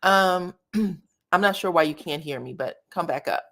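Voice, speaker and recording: A woman's voice: on the low side, a little slow, creaky, fairly bright tone. A woman hosting a casual live stream, chatting with viewers and thanking subscribers as she reviews a new show. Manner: chatty, addresses viewers as y'all and child. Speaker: livestream host of reality show commentary.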